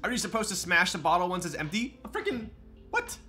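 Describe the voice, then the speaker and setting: Fast-talking and sharp-toned, this man has a high voice whose pitch swoops wildly. He's on a live stream, casually reading chat and answering viewer questions as they pop up.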